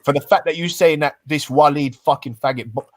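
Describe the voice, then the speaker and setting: A man's voice: fairly high pitch, fairly quick, no echo. Heated man arguing on a stream. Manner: confrontational, swearing, full of slang. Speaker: panel guest. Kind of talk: heated live-stream argument.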